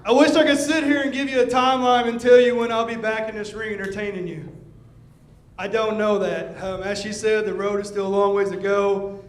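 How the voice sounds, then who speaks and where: A man's voice: high-pitched, level tone, fairly quick. A man, a wrestler, giving an earnest speech to the fans from the ring. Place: wrestling arena. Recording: echoey arena, loud crowd noise.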